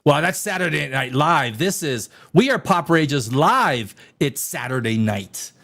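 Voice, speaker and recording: A man hosting a live stream, ranting in a casual, crass and excitable way and laughing often. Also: on the high side, unhurried. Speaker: live show host.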